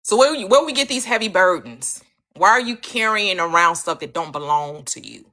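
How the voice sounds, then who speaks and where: A woman's voice: lowish voice, lively intonation, normal speed, sharp tone. A woman host teaching manifestation in an emphatic, preachy way, firing off repeated rhetorical questions on a live stream.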